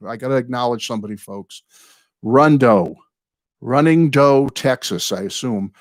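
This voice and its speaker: An older man hosting his own live chat, greeting viewers and rambling excitedly through fan stories and thank-yous. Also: medium pitch, a little slow, dry recording, clean studio sound. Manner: rambling, excitable, apologizes for going off on tangents. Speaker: host of a music fan channel.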